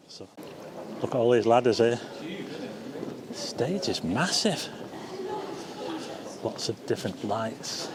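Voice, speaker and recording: A man walking through a large theatre, giving an excited, chatty tour commentary to his viewers. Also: medium pitch. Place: large theatre backstage and stairwells, indoors.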